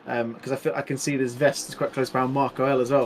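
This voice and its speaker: A man doing live play-by-play commentary on a sim race, excitable and chatty, laughing often. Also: mid-range voice, fast talker, few pauses, a little hiss or hum.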